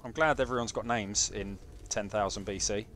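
Excitable British man streaming a game. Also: fairly low pitch, moderate pace, a little hiss or hum. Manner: excitable banter with chat, jokey. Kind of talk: live gameplay commentary.

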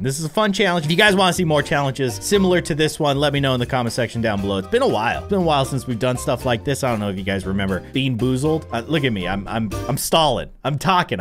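A man's voice: mid-range voice, fairly bright tone. A man giving joking, self-mocking running commentary over his gameplay as a gaming YouTuber.

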